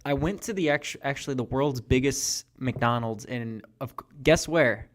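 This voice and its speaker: A man's voice: medium pitch, normal speed, slight background noise. A man in his twenties chatting casually on a podcast, rambling with lots of fillers. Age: 20s. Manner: laid-back, rambling with many fillers. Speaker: co-host. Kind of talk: casual chat.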